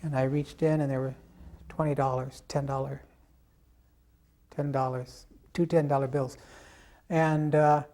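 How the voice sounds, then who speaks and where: An older man recalls an old memory for an interviewer, telling it slowly and haltingly. His voice is mellow and warm. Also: medium pitch, little pitch movement. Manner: unhurried, halting storytelling. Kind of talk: personal reminiscence.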